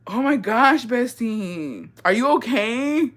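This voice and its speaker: A young woman hosting and reading viewer stories in a casual, animated chat, swearing freely and mixing in Spanish words. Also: on the high side, takes it slowly. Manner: bursts of laughter and dramatic reactions.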